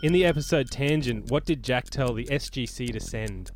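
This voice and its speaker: A man co-hosting a casual chat, telling stories in a deadpan way and running a quiz. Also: medium pitch, normal speed, a little hiss or hum. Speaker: podcast co-host and quiz master.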